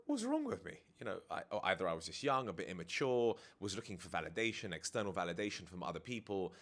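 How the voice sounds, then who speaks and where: This low-voiced man, a dating and life coach, talks fast and a bit bright as he opens up to camera. Indoors with DJ kit behind him, he's frank and reflective, swearing casually here and there.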